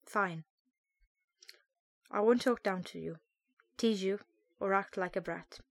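A woman reading aloud the monologue of a heartbroken young lover who pleads in a soft, subdued voice not to be left. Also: mid-range voice, takes it slowly, creaky, no room sound. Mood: pleading, heartbroken. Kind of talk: dramatic reading of a comic monologue.

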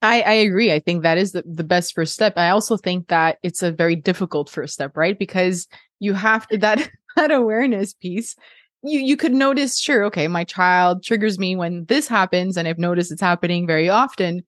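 A woman's voice: on the low side, moderate pace, no echo, clean studio sound. A woman in her thirties hosting a casual parenting chat, thinking aloud with frequent restarts and laughs. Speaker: podcast host.

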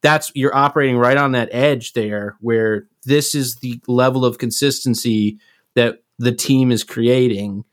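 A man who co-hosts a casual podcast and works as a live sound engineer talks in an earnest, reflective way, with some loose swearing. His mid-range voice has fairly even intonation and a measured pace. The sound is clean studio quality with no room sound.

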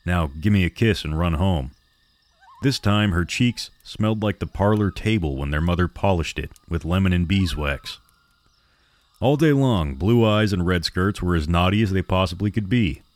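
Deep-voiced man narrating a horror tale. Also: no echo. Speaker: podcast narrator.

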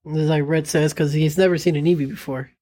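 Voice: mid-range voice, fairly even intonation, a little fast, mellow. Co-host with a playful folksy drawl. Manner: laughs often, acts out a folksy drawl. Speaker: podcast co-host. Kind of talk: casual chat.

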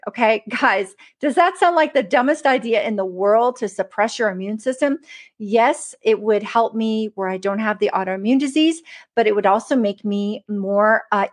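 A woman with a somewhat high voice gives a casual devotional talk to viewers online. She speaks in an earnest, conversational way and often stops to address her listeners directly. She also reads scripture aloud. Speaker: Christian livestream speaker.

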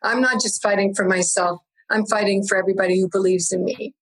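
A woman's voice: medium pitch, fairly even intonation, fast talker, breathy edge, rough recording. A woman chatting as a guest, upbeat, laughing often and acting out the dialogue in her stories. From Canada. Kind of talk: casual chat.

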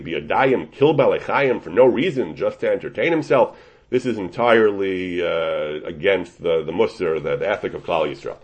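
Husky-voiced man lecturing on a text. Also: low-pitched, a little mellow. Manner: explains a source step by step with frequent restarts. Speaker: Torah teacher. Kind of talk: Talmudic lecture. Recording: dull lo-fi recording.

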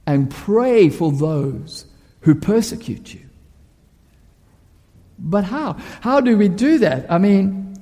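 With a high, animated voice and a mellow tone, a male preacher delivers a sermon at a slow, deliberate pace, telling vivid stories and posing rhetorical questions. His words trail into the long reverb of a large hall.

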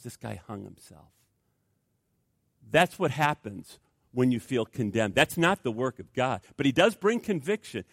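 Emphatic pastor preaching. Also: male voice, medium pitch, dry recording, studio quality. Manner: emphatic, conversational preaching with rhetorical questions. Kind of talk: sermon.

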